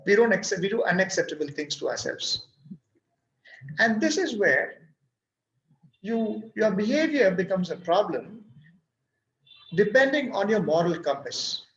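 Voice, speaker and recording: A man's voice: high voice, big pitch swings, a little slow, pauses often, a bit bright, roomy sound, lo-fi sound. A male teacher telling a story from his class as a lecture and posing reflective questions to listeners. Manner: recounts events, then asks reflective questions. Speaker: teacher and workshop speaker.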